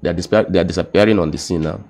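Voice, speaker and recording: Speaking casually, a young Nigerian man with a Nigerian accent recounts his personal testimony, his pitch sitting low and his tone steady. He hesitates, repeats his words, and frequently slips into quiet, emotional tones.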